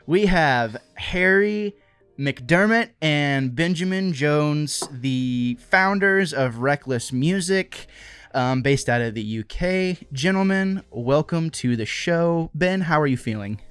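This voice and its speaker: A man's voice: a little high, animated, slow, fairly bright tone, smooth, soft background music. A man hosting a podcast interview over a video call, chatting in a jokey, self-deprecating way. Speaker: podcast host. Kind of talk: casual interview chat.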